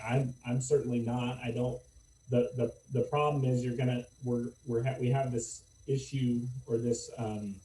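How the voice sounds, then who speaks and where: A man stumbles through his point at a meeting. His voice is mellow and set back from the mic in an echoey room, with faint noise behind. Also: mid-range voice. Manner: hesitant, stumbling. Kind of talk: meeting discussion. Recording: roomy and distant with faint noise.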